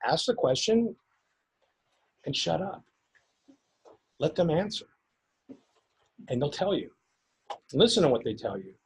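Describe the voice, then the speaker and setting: A man's voice: fairly high pitch, a little mellow, low-quality recording. Guy giving a seminar talk to a room of agents, chatty, tells little stories, restarts a lot. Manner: conversational, storytelling, frequent restarts. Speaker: conference speaker. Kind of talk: live seminar talk with anecdotes. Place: conference room before an audience.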